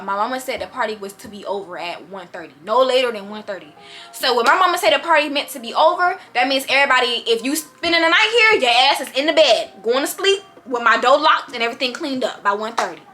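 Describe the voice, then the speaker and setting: A young woman vlogger telling a story in an animated, slangy, dramatic way. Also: fairly high pitch, fast talker. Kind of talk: storytime vlog.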